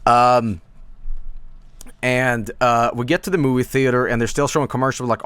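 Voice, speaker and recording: A man streamer talking casually at a mid pitch, rambling through fillers, false starts and the odd curse. The sound is dry and close, with no room around it. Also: fairly even intonation, moderate pace, long pauses, fairly bright tone, clear, resonant tone, no room sound. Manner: rambling, many fillers and restarts, swears casually.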